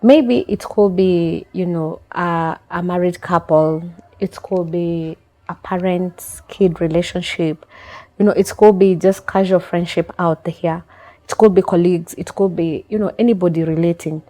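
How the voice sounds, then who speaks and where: A woman hosts a talk show and puts long questions to her guest, slipping in hesitant fillers as she goes. Her voice is mellow and a little low. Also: fairly even intonation, unhurried.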